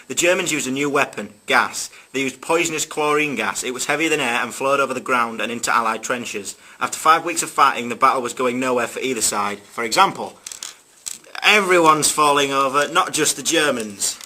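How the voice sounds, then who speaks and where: Young male student narrator with a bright, sharp tone, reading history with hesitant ums and tossed-off jokes. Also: medium pitch, brisk, slight background noise. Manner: jokey asides, hesitant fillers. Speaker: student presenter. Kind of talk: narrating a school history video.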